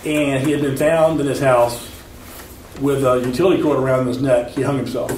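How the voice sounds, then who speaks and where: A man in his fifties giving a personal story talk, animated, acting out the voices in his stories. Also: medium pitch, moderate pace, slight background noise. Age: 50s. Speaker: speaker. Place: lecture hall. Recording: echoey hall, from far off.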